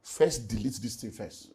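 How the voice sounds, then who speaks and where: A middle-aged Nigerian-accented man, a pastor speaking candidly in conversation. His pitch sits in an ordinary middle range. He moves from quiet, heavy reflection to loud, forceful emphasis. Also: slow pace, a little hiss or hum. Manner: emotional, rising to loud emphatic bursts. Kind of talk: candid personal testimony in conversation.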